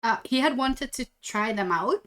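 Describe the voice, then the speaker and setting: Bright chatty Dutch woman streamer. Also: a little high, lively intonation, moderate pace. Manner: rambling, chatty, many restarts. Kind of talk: casual stream chat, storytelling. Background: faint background music.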